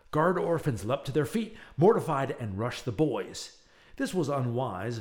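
Animated man reading a serial story. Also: mid-range voice. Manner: chatty, animated, with asides. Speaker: podcast host and narrator. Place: home, near an open window.

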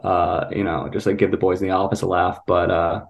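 A man with a lowish voice describes his busy week in a dry, self-deprecating way, sliding in small jokes. He sounds like he is talking into a video call. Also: level tone, fairly quick, vocal fry, highs cut off. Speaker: comedian guest. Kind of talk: casual chat.

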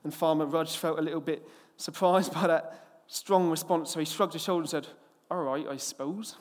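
A male preacher from England tells a lively anecdote, acting out its characters before moving into scripture. His voice sits a little high. It carries a long reverb, as if spoken in a large hall. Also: normal speed. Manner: storytelling, lively and expressive, acts out the characters. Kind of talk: sermon with an opening anecdote.

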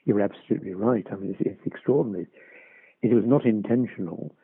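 An older man, an actor being interviewed, reminiscing in a halting way and repeating words as he recalls. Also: lowish voice, husky, no echo. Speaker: actor guest. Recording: dry tinny phone line.

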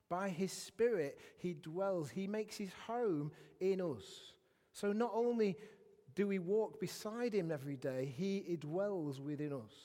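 A man's voice: sits high, a little mellow. A man preaching a sermon in a church hall, chatty and self-mocking, with many asides to the congregation. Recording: long reverb in a church hall.

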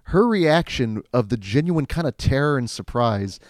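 A man's voice: mid-range voice, expressive, normal speed, darkish tone, no echo, clean studio sound. A man co-hosting a casual film discussion, analytical and full of film references.

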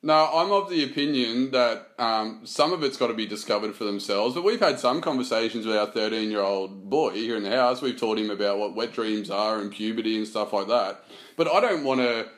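A man's voice: on the low side, brisk, a bit bright. A middle-aged man, co-hosting a casual comedic chat with rambling, crude jokes. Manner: joking, rambling, crude humor. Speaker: podcast co-host.

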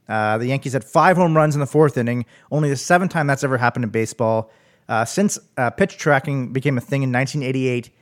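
A man co-hosting a casual sports podcast, telling stories in an animated way. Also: mid-range voice. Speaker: podcast co-host.

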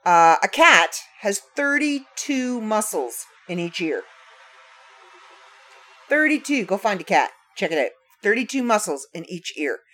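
Lively, slow-talking woman podcast host. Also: medium pitch, faint music behind. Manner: playful, wry asides to listeners. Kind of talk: casual solo podcast, reading trivia.

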